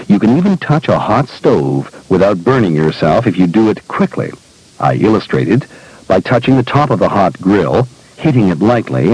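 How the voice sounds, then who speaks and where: A man reading a personal essay aloud in a measured, deliberate storytelling manner. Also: sits low, a little mellow, husky, no room sound, rough recording. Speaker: speaker recounting personal experiences.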